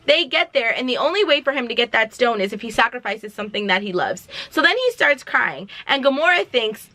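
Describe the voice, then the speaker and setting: A woman's voice: a little high, big pitch swings, fairly quick, few pauses, pushed and bright, no room sound. A young woman vlogger chatting through a movie recap in a dramatic, slangy way.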